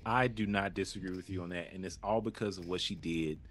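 A man's voice: sits low, a little fast. Man guest acting out scenes. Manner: lively storytelling that acts out characters' lines, laughs often. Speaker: podcast guest. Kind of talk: casual chat.

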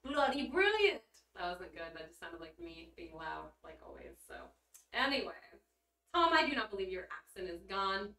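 Woman streamer, crisp bright tone, giggly and blunt, roomy off-mic sound. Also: fairly low pitch, normal speed. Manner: bubbly, giggly, blunt, swears casually. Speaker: livestreamer reading chat. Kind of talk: casual livestream chat. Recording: roomy echo, mic at a distance.

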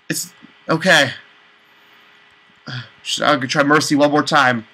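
A man commentating a let's play, exasperated, with high panicked outbursts and swearing. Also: steady tone, slow pace, pauses often, sharp tone, poor audio. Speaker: gaming channel host.

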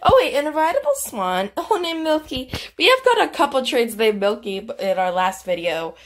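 A woman's voice: high-pitched, sing-song, normal speed, a little hiss or hum. A bubbly, giggly woman chatting through casual gameplay commentary as the host, her voice fading now and then. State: voice keeps fading. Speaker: YouTuber host.

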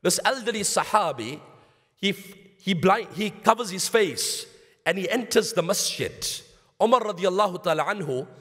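A man's voice: high voice, animated, moderate pace, a bit bright, slightly rough. A man giving a sermon in a mosque with a South African accent, telling stories and addressing listeners as brothers while mixing in Arabic phrases. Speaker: Islamic lecturer. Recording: long reverb of a mosque hall.

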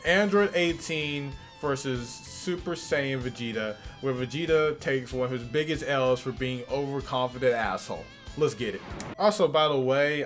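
A man hosting a gaming channel chats casually about his play in a medium-pitched voice, excitable and foul-mouthed, yelling as the fights get intense. Game music plays underneath.

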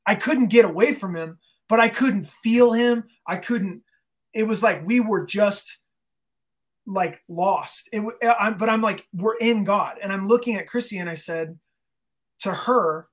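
A man's voice: high-pitched, measured pace. A man guest in a casual interview, telling an emotional story earnestly, often restarting his sentences. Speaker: guest, band singer.

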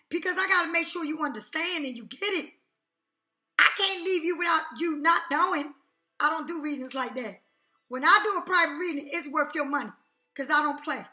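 A woman with a bright, high voice gives an emphatic tarot reading. She keeps repeating phrases and checking in with her listener. Her voice rings in an echoey room with soft music under it. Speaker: tarot reader. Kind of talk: casual tarot reading to camera.

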